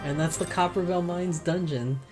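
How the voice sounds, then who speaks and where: A woman's voice: fairly low pitch, normal speed, a little mellow, soft background music. A woman casually commenting aloud while playing a game, reacting as she goes. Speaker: gamer. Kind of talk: gameplay commentary.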